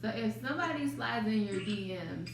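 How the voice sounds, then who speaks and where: A woman with a fairly high-pitched, creaky, expressive voice speaks at a normal speed, bluntly and with strong opinions, in a casual chat. She sits a little away from the mic in an echoey room, so her voice sounds roomy, with faint background noise.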